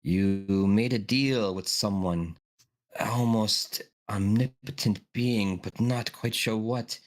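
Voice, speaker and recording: A man voicing an older female fortune teller, mysterious and ominous, with a slow, theatrical put-on accent. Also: lowish voice. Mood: prophetic. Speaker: game master.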